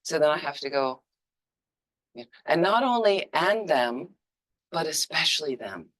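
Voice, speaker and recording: A woman giving an informal, conversational dharma teaching with emphatic, lively asides. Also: low-pitched, normal speed. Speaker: Buddhist teacher.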